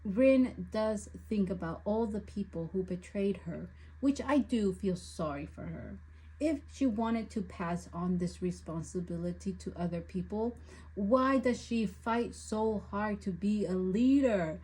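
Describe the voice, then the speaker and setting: A woman talks through a book she has been listening to, retelling events and then venting her frustration at the lead character. Her voice has a faint husky edge. She speaks at an unhurried pace, even as the rant builds. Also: mid-range voice, rough recording. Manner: exasperated, ranting at the plot. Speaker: book reviewer. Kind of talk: spoken book review and recap.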